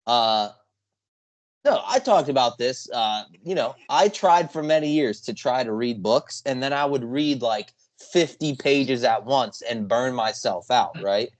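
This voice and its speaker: A young podcast host chats casually in an unhurried, medium-pitched voice. He rambles and hesitates, filling gaps with fillers and letting thoughts trail off.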